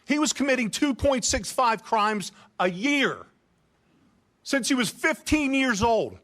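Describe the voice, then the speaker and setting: Father at a hearing, a man with a high voice who delivers his testimony with pointed indignation. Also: very animated, a little slow, a bit bright. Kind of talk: public testimony.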